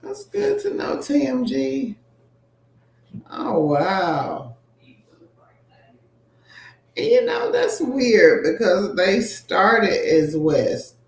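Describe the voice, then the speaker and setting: Slow-talking woman greeting stream viewers. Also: medium pitch, huge pitch swings, gravelly, roomy sound. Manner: greets viewers by name and reads their comments aloud. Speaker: co-host reading viewer comments. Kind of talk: casual livestream chat.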